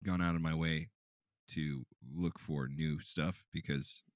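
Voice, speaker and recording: A man's voice: extremely low pitch, steady tone, slow, no echo, studio quality. A man hosting a podcast in casual, joking chat, swearing freely. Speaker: podcast host.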